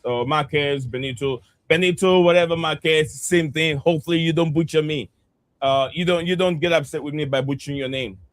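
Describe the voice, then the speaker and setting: A man's voice: on the high side, no room sound. A man hosting a football live stream, chatting with viewers directly in a hesitant way with many "uh" fillers. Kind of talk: casual football chat with viewers.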